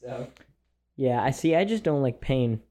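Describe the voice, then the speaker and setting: A young man co-hosting a casual chat podcast, laughing often and telling stories with lively voices. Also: mid-range voice, unhurried. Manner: laughs often, animated storytelling. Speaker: podcast co-host.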